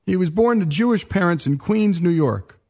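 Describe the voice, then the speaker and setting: A male host reads scripted narration in a steady, explanatory way. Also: sits high, moderate pace. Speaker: radio show host.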